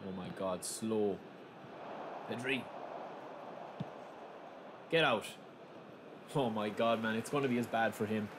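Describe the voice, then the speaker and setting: Brief: young male gaming host, chatty commentary that flares into shouting, noisy background. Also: on the low side, takes it slowly, long pauses. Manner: chatty, swings to loud excited shouting. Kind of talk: live gameplay commentary. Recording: steady background noise.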